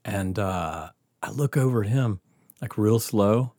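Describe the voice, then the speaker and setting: A man's voice: on the low side, measured pace, darkish tone, no room sound, clean studio sound. A man telling a story in casual chat, laughing often and swearing freely. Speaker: podcast host telling a story.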